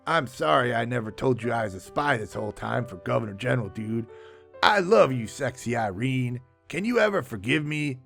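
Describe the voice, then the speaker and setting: A man's voice: mid-range voice, expressive, normal speed, creaky, fairly bright tone, faint music behind. A man voicing an earnest young male prisoner in a comic movie review, declaring things with overblown drama. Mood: pleading.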